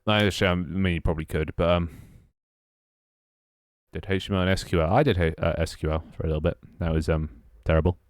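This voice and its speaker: Low-voiced young British man, rambling. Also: fairly even intonation, fast, dry recording, clean studio sound. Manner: rambling, wry, self-mocking. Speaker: game developer streamer. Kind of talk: casual live-stream chat while working.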